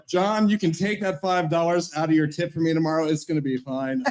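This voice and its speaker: A man who works as a bartender delivering a short, deadpan roast with plenty of swearing at an open mic. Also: a little high, a little fast, a crowd in the background.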